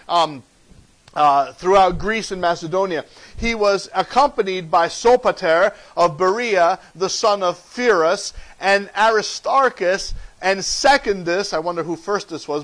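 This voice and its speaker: A man preaching a sermon in a church, animated and joking as he teaches from scripture. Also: sits high, rough recording. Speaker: pastor. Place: church sanctuary.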